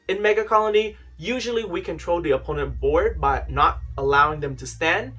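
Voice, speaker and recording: A man chatting excitedly through a casual card review on his channel. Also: on the high side. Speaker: card game youtuber.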